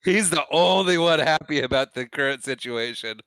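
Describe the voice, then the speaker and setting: A man's voice: on the high side, moderate pace, fairly bright tone, smooth, no echo, studio quality. Man giving wry podcast reactions. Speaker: podcast co-host. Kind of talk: casual chat.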